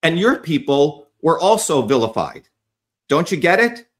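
Angry middle-aged male commentator, profane tirade at viewers, very animated pitch. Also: a little slow. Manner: profane, shouting insults at commenters. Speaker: online commentator.

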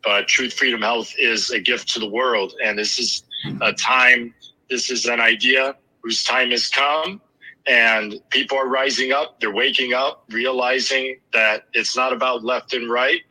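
A man's voice: mid-range voice, fairly even intonation, measured pace, pushed and bright, husky, low-quality recording. A man giving an enthusiastic, rambling rally speech with some fillers.

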